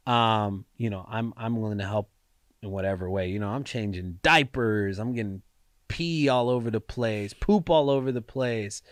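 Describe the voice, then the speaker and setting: A man's voice: medium pitch, no echo, studio quality. Stuffy, tired young man chatting. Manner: stuffy, congested voice. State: recovering from a cold, tired. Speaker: podcast co-host. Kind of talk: casual chat.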